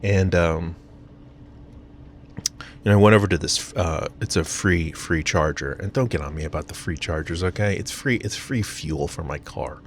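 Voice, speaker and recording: American guy, deeper register, self-deprecating rambling vlog from his car, faint hiss behind. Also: normal speed. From United States. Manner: rambling, self-mocking, many fillers and restarts. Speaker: vlogger. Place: parked car, in the sun.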